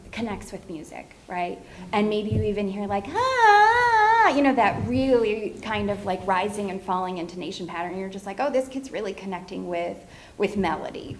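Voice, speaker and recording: A woman's voice: mid-range voice, poor audio. A woman speaking on a library discussion panel as a speech therapist. She explains her methods patiently and in detail, and now and then acts out a child's short phrases. A faint hiss of noise sits behind her voice.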